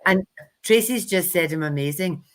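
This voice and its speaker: A woman co-hosts a tarot livestream in a chatty, candid way, quick to poke fun at herself. Her voice is low for a woman. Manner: candid, self-deprecating, chatty. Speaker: tarot reader co-host. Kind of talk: livestream teaching chat.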